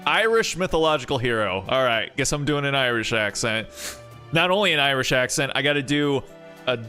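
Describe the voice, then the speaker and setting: A man's voice: mid-range voice, bright, forceful tone. A man streaming a game, chatting casually, rambling and joking with frequent swearing.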